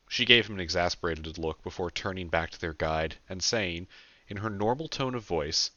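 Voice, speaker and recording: A man, the author, narrating his own audiobook in a plain, steady manner. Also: low voice, normal speed, dry recording, lo-fi sound.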